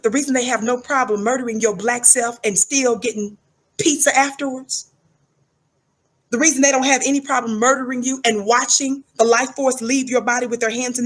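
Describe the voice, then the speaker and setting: A middle-aged woman, talking in an emphatic, preachy livestream monologue and repeating words for effect. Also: high-pitched. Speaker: livestream commentator.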